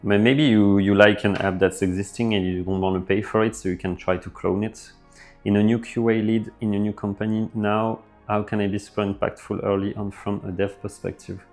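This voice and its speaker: A man's voice: lowish voice, brisk, soft background music. A man chatting on a live coding stream, reading viewer messages and answering them off the cuff with plenty of fillers. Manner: relaxed, thinks aloud with fillers, reads chat messages out.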